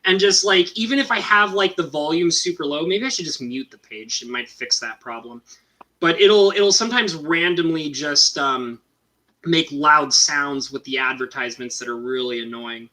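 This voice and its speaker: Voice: medium pitch, moderate pace, bright, forceful tone, low-quality recording. A young adult live-streamer chatting casually while painting, rambling with restarts and fillers into a computer mic.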